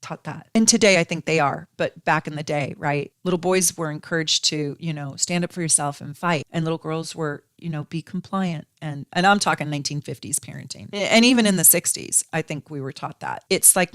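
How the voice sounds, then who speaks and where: A woman's voice: fairly low pitch, no echo, studio quality. A woman in her sixties, an astrology host, teaching in an earnest, conversational way full of rhetorical questions. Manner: earnest, uses rhetorical questions and tag "right?".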